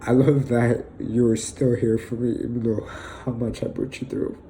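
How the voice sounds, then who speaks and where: A young man in an emotional personal monologue, halting and filled with pauses, sighs and fillers, sounding close to tears. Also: mid-range voice, little pitch movement, dark tone, slight background noise, poor audio. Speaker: vlogger.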